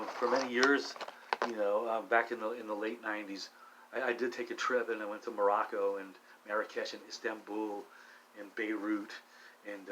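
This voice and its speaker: A middle-aged man vlogging alone while high, rambling with many restarts and frequent swearing. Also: sharp tone, a little hiss or hum, low-quality recording. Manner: meandering, profane, restless restarts. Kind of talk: rambling solo monologue.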